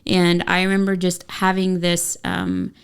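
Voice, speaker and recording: A woman's voice: fairly low pitch, very animated, unhurried, clean tone. A woman in her thirties co-hosting a casual parenting podcast, talking candidly and chattily with lots of fillers. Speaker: podcast co-host.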